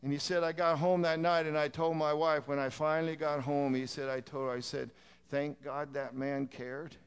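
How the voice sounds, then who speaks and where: A man preaching, telling a long illustration story that builds from a quiet telling to a shouted plea to his listeners. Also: on the high side, flat delivery, a little fast, clean tone.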